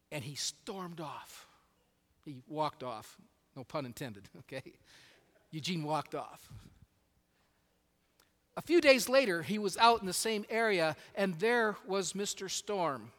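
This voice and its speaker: Brief: expressive preacher mid-sermon in a large hall, high voice, long reverb tail. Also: male voice, measured pace. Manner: animated storytelling with shifting volume. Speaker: pastor.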